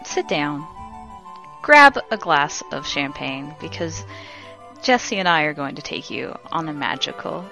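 A woman co-hosting a podcast, reading aloud in a theatrical, mock-solemn way with sudden loud bursts. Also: deep voice, very animated, a little slow, creaky, faint music behind. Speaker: podcast co-host. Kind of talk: comedic dramatic reading.

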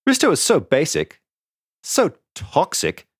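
A man's voice: a little high, wildly swooping pitch, slow pace, husky, no room sound, clean studio sound, pitched above the performer's own voice, heavily acted. A man voicing a bubbly, loyal teenage girl mecha pilot in an audiobook. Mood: indignant.

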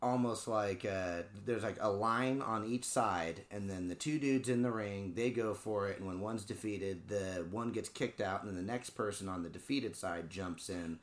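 A man's voice: on the low side, normal speed, few pauses. A man co-hosting a podcast, casually asking questions and joking around with absurd ideas, swearing as he goes. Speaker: podcast co-host new to wrestling. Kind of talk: casual chat.

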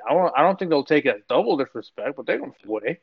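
A young man with a slightly high, lively voice explains things patiently in a casual chat among friends. He sounds laid-back. The recording is dry and a bit muffled. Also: fast talker, slightly rough, dry recording.

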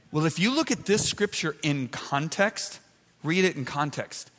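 A middle-aged man preaching a sermon to a live crowd, swinging between loud shouted points and soft, confiding asides. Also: on the high side, animated, measured pace. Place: large hall with an audience. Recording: long hall reverb.

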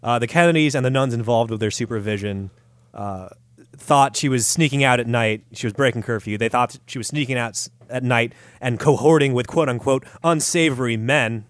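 A man's voice: medium pitch, brisk, no room sound. A man hosting a podcast, telling a story in a crude, sarcastic, profane way. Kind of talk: casual comedic storytelling.

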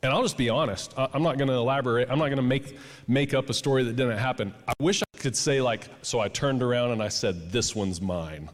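Man, pastor, sermon storytelling, conversational, mid pitch, church hall with long reverb. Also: quick pace. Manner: conversational, storytelling, rising to impassioned exhortation. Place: church auditorium.

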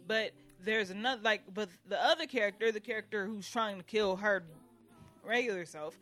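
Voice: mid-range voice, moderate pace, bright, forceful tone, soft background music. Chatty co-host explaining in slang. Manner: explains at length, casual slang, emphatic. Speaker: podcast co-host. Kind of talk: casual group chat.

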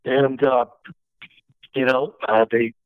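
A man tells stories from his years as a stunt coordinator and acts out the lines of the people he quotes. His voice sits at a middle pitch and sounds dry and close. It comes through a narrow, tinny, phone-like line. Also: takes it slowly, clean tone, no room sound. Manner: animated storyteller acting out quoted dialogue. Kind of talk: storytelling interview.

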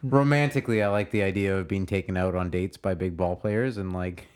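A young man in a casual chat, self-deprecating and quick to laugh. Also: low-pitched, darkish tone, clear, resonant tone. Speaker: podcast co-host.

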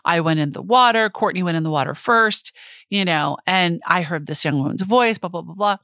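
A middle-aged woman co-hosting a podcast, telling a personal story in casual chat with an excitable, fast way of talking and frequent laughter. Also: fairly low pitch, no echo, clean studio sound. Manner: laughs often while telling stories. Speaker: podcast co-host.

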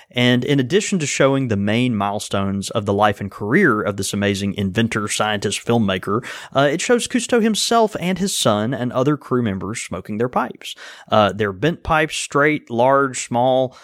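A man's voice: medium pitch, no room sound, clean studio sound. A man co-hosting a podcast, reading a sponsor plug and listener mail in an easygoing way with many fillers. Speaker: podcast co-host. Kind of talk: casual podcast chat with ad read.

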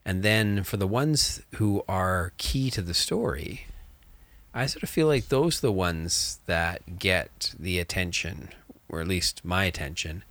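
A man chatting casually as a game master, animated and rambling, with many fillers. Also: low voice, unhurried, no room sound. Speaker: game master, podcast co-host. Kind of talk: casual chat.

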